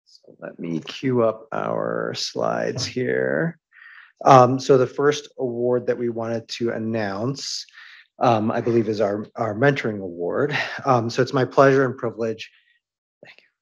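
A man hosting an academic awards session, his voice husky and a little breathy. He talks in a halting way with many pauses and restarts. The audio is dull and muffled. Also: mid-range voice, lively intonation. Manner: halting, with frequent ums and restarts. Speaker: event host announcing awards.

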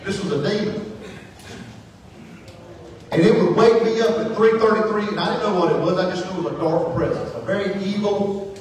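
A man preaching his testimony, impassioned, swinging from hushed words to shouting. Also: high-pitched, moderate pace, pauses often, a little hiss or hum. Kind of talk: sermon testimony. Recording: echoey hall, distant mic.

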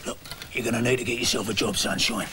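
A man's voice: mid-range voice, fairly even intonation, quick pace, pushed and bright, a little hiss or hum, close to an everyday voice. A man playing a blustering London local with a London accent, full of cockney slang.

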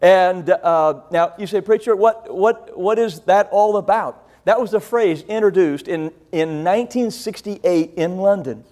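A man's voice: high voice, unhurried, hardly any pauses, dark tone. A middle-aged man from rural Illinois preaching a sermon, telling a long family story in a folksy, rambling, self-deprecating way. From rural Illinois, USA. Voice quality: deaf in one ear. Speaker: pastor.

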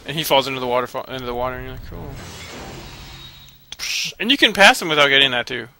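A man rambles through casual commentary over a video game, cranky and swearing freely. His voice has a bright edge and a gravelly fry running through it, with a faint hum of noise underneath. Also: mid-range voice, animated, very fast. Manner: rambling, cranky and profane, laughs often. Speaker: let's play commentator.

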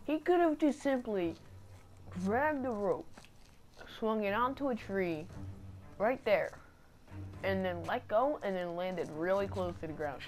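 A woman's voice: mid-range voice, animated, a little slow, pauses often, darkish tone. A young woman with a stuffy nose giving blunt, jokey let's-play commentary. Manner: blunt, jokey, swears at the game. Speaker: gaming channel host.

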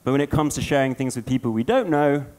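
A man giving a storytelling conference talk, an animated storyteller. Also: medium pitch, fast. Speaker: conference speaker.

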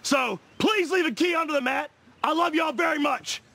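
An actor playing a brash, hot-tempered man who yells, swears and blusters. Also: very high voice, moderate pace, gravelly, full character voice. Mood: shouting apology. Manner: profane, shouting, blustering.

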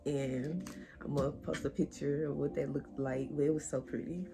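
A young woman in casual vlog chat, relaxed and chatty with lots of slang. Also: deep voice, moderate pace, vocal fry. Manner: relaxed, chatty, uses slang like "finna" and "y'all". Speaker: vlogger. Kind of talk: casual vlog talk to camera.

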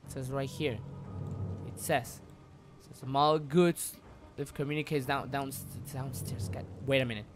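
A man's voice: medium pitch, fairly even intonation, unhurried, faint music behind. A man streaming live gameplay, frustrated, swearing and repeating himself as he talks through the game.

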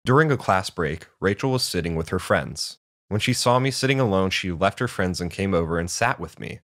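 A man with a very deep voice tells a first-person storybook tale in a steady, measured way. The recording is dry and close, with no room sound. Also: dry recording.

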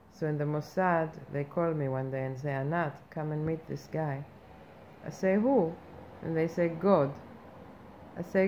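A woman's voice: deep voice, a little mellow. A woman playing a brash, self-important female reporter persona in a satirical comic monologue, ranting in a mock-earnest way with outraged questions. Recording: muffled lo-fi recording with faint background noise.

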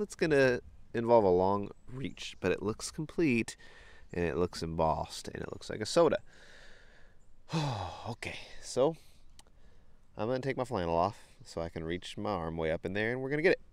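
A man's voice: fairly low pitch, clean tone, no echo. A man, vlogging outdoors as he wades a creek, talking casually to a handheld camera, easily delighted and laughing often. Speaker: vlogger bottle hunting in a creek.

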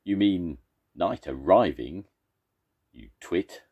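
An older man voicing a cheeky, squabbling male monster in a children's storybook, shouting taunts and names. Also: low-pitched, animated, slow, husky, heavily acted. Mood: taunting. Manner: shouting taunts, name-calling.

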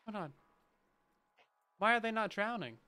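A man's voice: high voice, animated, a little slow, pushed and bright, smooth. A man chatting casually and playfully to his viewers while he plays a game on a livestream, with bursts of mock panic. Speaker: streamer. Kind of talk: casual gameplay livestream chat.

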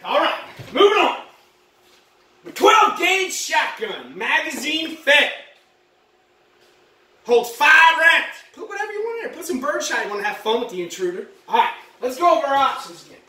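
A woman playing a boastful, rambling male ex-Marine patriot dad in a comedy monologue, shouting one moment and muttering the next. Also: sing-song, moderate pace, full character voice. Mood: blustering. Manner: boastful, rambling, shouts then drops low. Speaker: comedy vlogger. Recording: roomy echo, mic at a distance.

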